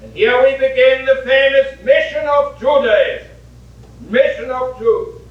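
A man giving an academic lecture in a deliberate way, repeating his key points for emphasis. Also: very high-pitched. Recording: echoey, muffled hall recording from a distance.

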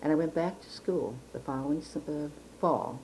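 An older woman from Chicago looks back on her life in an interview, her voice low and mellow. She talks in a careful, precise way and often restarts her sentences. A faint hiss sits under the recording. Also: normal speed, rough recording. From Chicago, United States. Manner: reflective, precise storytelling with frequent restarts. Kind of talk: oral history interview.

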